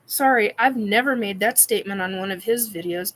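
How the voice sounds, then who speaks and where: A woman's voice: mid-range voice, a little fast, a bit bright. A woman hosting a casual live chat, giddy, laughing often and swearing while she answers comments. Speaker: live stream host. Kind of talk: casual live chat reacting to a painting video.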